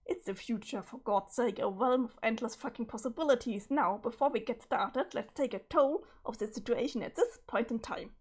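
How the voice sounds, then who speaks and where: A woman's voice: fairly high pitch, normal speed, few pauses, breathy edge. A woman reading a ranting, foul-mouthed troll boy. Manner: ranting, sarcastic, swearing. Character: foul-mouthed, hot-tempered teenage troll boy leader. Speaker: streamer. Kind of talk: reading a webcomic aloud with voices.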